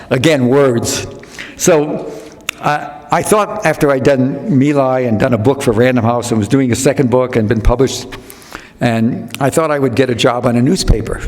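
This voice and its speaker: A man's voice: medium pitch, a little mellow. A man in his eighties telling rambling anecdotes as a guest speaker, restarting sentences and acting out other people's lines. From United States. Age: 80s. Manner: rambling, with self-interruptions and restarts. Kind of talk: storytelling anecdotes at a public talk. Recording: long hall reverb.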